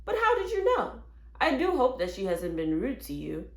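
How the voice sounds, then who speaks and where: A woman's voice: a little high, huge pitch swings, moderate pace, pitched above the performer's own voice. A woman voicing a worried, polite mother in a read-aloud storybook. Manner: fretful, polite. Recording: roomy echo.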